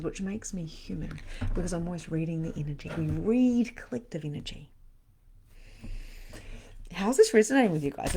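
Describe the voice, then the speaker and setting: Woman medium, middle-aged, low-ish voice, live reading, slips into whispers. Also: a little hiss or hum. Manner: dips into soft whispers. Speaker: spiritual medium and host. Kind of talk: live-stream card reading.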